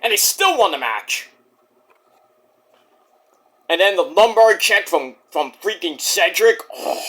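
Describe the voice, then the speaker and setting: An excitable man recaps a wrestling show in a loose, swearing vlog style. His high, bright voice jumps all over the place, and he breaks into sudden yelled exclamations. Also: measured pace, long pauses. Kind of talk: casual review vlog.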